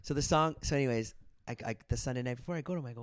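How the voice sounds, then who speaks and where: A man's voice: mid-range voice, rapid-fire, no room sound, clean studio sound. A man in his forties hosting a podcast, telling stories animatedly and swearing freely. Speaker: podcast host. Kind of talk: casual chat.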